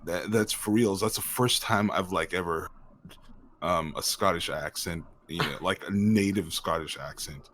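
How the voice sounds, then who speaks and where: Deep-voiced, chatty actor, laughing often. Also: male voice, moderate pace, fairly bright tone, slight background noise. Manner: rambling, many fillers, laughs often. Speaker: actor guest. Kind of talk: casual interview chat.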